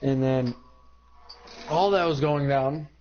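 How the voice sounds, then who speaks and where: A young man telling a childhood story in a casual chat among friends. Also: slow. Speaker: podcast co-host. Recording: dull low-fi home recording with faint hiss.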